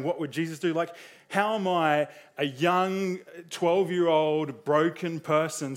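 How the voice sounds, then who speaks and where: A young man preaching a sermon in a casual, conversational way, full of fillers, acting out quotes with a raised voice. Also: fairly high pitch.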